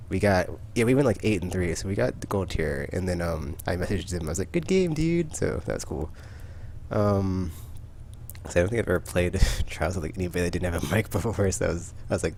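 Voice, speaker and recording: A man's voice: low-pitched, a little mellow, slight background noise. A man hosting a podcast, telling rambling stories in casual chat with lots of fillers. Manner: rambling, filler-heavy storytelling. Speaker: podcast host.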